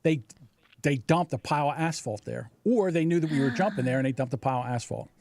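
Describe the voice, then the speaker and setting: A man in his sixties telling a story in casual chat, acting out the people in it with animated voices. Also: mid-range voice, fast talker, no room sound. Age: 60s. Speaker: podcast host.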